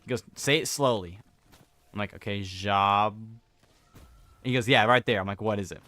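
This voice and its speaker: A young man with a bright, clear-toned voice chats casually while he plays a game. He rambles, stops to correct himself and chuckles his way through stories. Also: fairly low pitch, normal speed, no room sound. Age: young adult. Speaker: gaming streamer. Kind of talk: casual chat while gaming.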